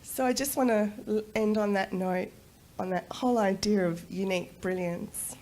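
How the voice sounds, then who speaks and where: A woman giving a talk at a conference, lively and slowing down to stress key phrases. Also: mid-range voice, noisy background. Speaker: conference speaker. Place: conference stage.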